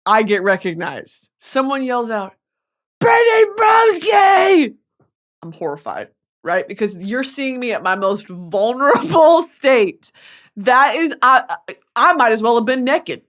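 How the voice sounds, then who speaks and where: A woman's voice: fairly high pitch, expressive, measured pace, a bit bright. A woman from Texas hosting a podcast, telling a story as a comedic monologue in a profane, self-mocking way. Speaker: podcast host.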